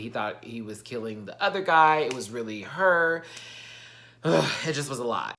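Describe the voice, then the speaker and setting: With a bright, pushed voice at medium pitch, a man delivers an animated rant recapping TV. He's a vlogger, and his delivery is sassy, campy and theatrical.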